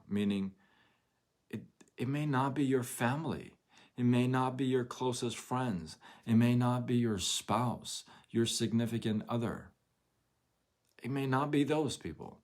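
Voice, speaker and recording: A man's voice: on the low side, darkish tone. A man hosting a motivational live stream, speaking earnestly and getting emotional as he repeats his encouragement.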